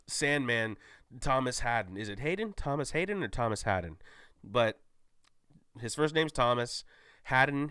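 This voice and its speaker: A man's voice: lowish voice, a bit bright, clean tone, no echo, studio quality. A man giving a casual, rambling movie spoiler recap, often stopping to correct himself. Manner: rambling, self-correcting, many restarts. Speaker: movie reviewer.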